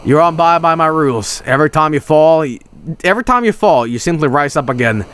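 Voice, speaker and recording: A man voicing Death, a solemn grim male spirit, in a text adventure game, speaking in slow archaic phrases. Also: on the high side, animated, fairly bright tone, smooth.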